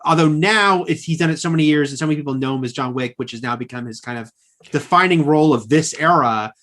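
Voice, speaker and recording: A man's voice: on the high side, fast talker, fairly bright tone. A man with a Californian accent co-hosting a podcast, chatting casually about movies, hedging and correcting himself often and laughing easily. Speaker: podcast co-host.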